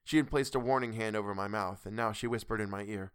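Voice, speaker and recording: A man reading a classic novel aloud in a measured, steady storytelling voice. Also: fairly low pitch, clear, resonant tone, no echo, clean studio sound. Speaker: audiobook narrator. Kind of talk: audiobook reading.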